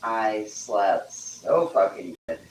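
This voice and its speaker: A man's voice: lowish voice, lively intonation, slow pace, husky. A man vlogging a casual morning chat at a farm house, talking bluntly to his animals and swearing freely.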